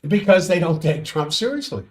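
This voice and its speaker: A man's voice: high-pitched, big pitch swings, normal speed. A man hosting a solo world-affairs commentary stream, sardonic and exasperated as he reads out quotes and reacts.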